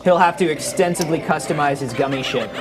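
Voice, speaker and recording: Joking man with a slightly high voice. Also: quick pace. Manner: joking, teasing banter. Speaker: livestream co-host. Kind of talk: casual charity livestream chat. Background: music.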